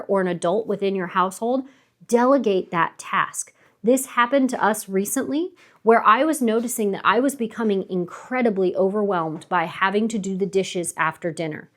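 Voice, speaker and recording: A woman in her thirties, a stay-at-home mom giving earnest, emphatic advice to camera, repeating herself for stress. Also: mid-range voice. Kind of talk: casual advice talk to camera.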